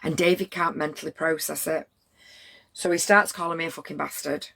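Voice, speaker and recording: A woman's voice: deep voice, fairly even intonation, brisk, gravelly, a bit bright. A middle-aged woman, telling a story to her livestream chat in a blunt, rambling way with plenty of swearing.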